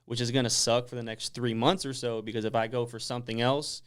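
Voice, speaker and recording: A guest on a radio talk show, this man speaks quickly at medium pitch with a clean tone. He explains things in a relaxed, casual way and peppers his sentences with "like."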